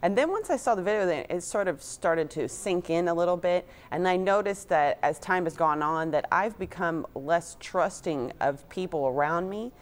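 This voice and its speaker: A woman speaking as a guest in a TV interview, telling her story in an earnest, measured way. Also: fairly low pitch, lively intonation.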